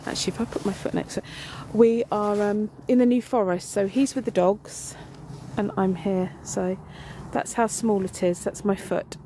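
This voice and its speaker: A woman's voice: mid-range voice, steady tone, moderate pace, slight background noise. A woman walking through a graveyard, telling a rambling ghost story in a casual vlog with lots of fillers. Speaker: paranormal vlogger. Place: outdoors in a graveyard.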